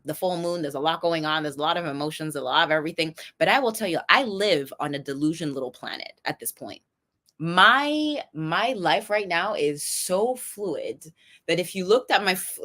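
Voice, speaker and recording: A young adult woman giving a chatty motivational talk on a livestream, animated and quick to laugh, often restarting her sentences. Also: lowish voice.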